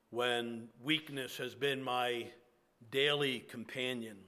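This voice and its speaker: A man preaching a sermon in an earnest, reflective way, with slow, drawn-out pauses. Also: mid-range voice, sharp tone.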